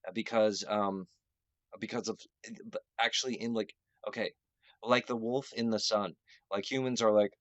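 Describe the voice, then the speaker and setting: A man with a fairly low voice talks to camera in a halting, rambling way, full of fillers and false starts. At times he slows into solemn phrases set out one by one. The sound is dry and dull, like a lo-fi home recording. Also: fairly even intonation, dry recording. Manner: slow, solemn declaiming in short phrases. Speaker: video host.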